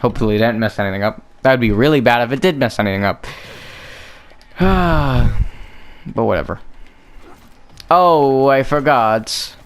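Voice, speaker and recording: A man's voice: mid-range voice, expressive, a little fast, pauses often. A young man giving casual gameplay commentary, rambling on tangents and joking at his own expense. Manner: rambling, joking, self-mocking. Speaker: gaming streamer.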